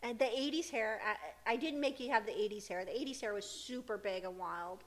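A woman's voice: mid-range voice, a little fast. A middle-aged woman co-hosting a casual podcast, telling stories with frequent laughter. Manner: chatty storytelling, frequent laughter. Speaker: podcast co-host, mother. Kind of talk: casual chat.

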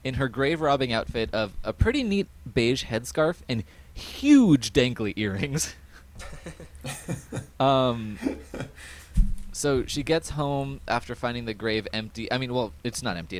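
A man hosting a podcast, casually recapping an episode in a rambling way with many fillers and quick quoted voices. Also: mid-range voice, expressive. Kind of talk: casual chat.

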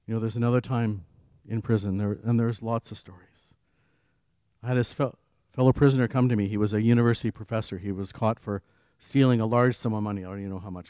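A man giving an earnest devotional sermon, telling his own story and swinging between firm emphasis and quiet asides. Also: medium pitch, dry recording. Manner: earnest, rising on key phrases and dropping to quiet asides. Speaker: preacher. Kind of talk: devotional sermon with personal testimony.

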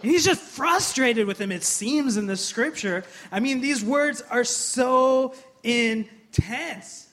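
A man in his thirties preaching a sermon in church, telling funny personal stories and then acting out scenes with loud, impassioned energy. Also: extremely high pitch, slow pace, hardly any pauses. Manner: humorous storytelling, builds to loud impassioned acting-out. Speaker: pastor.

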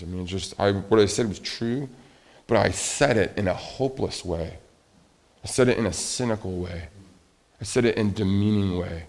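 A middle-aged man preaching a sermon, rising to loud emphatic peaks and dropping to quiet, confessional lows. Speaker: pastor.

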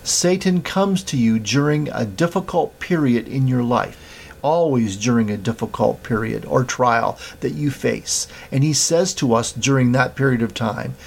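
A man preaching a sermon, reading scripture aloud in a measured way. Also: mid-range voice, gravelly, breathy edge. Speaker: pastor.

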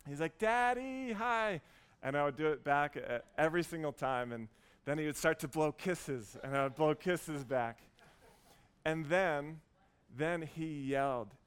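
A man in his thirties preaching a sermon, earnest and warm as he tells a story, with frequent restarts. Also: a little high, moderate pace, clear, resonant tone. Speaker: pastor.

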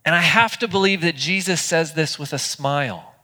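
A man's voice: fairly high pitch, normal speed, sharp tone, in a large hall. A man preaching a sermon as pastor, earnest and conversational, with small restarts. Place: church auditorium.

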